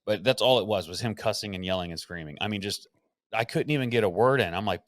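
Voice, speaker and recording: A man with a fairly low voice recounts a story on his podcast in a loose, conversational way. He gets animated, acts out what people said and swears without holding back. The recording sounds close and dry, with no room sound. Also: fast, no room sound. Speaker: podcast host. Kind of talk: casual storytelling chat.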